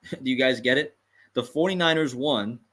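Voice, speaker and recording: Male livestream host, bright edgy tone, emphatic and repetitive, chuckling asides. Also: medium pitch, moderate pace. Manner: conspiratorial, emphatic, repeats points, chuckles. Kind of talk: livestream commentary.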